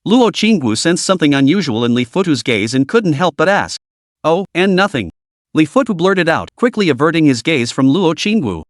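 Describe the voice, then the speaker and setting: A man narrating a web novel in an expressive storytelling manner. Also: a little high, fairly quick, hardly any pauses, dry recording, studio quality.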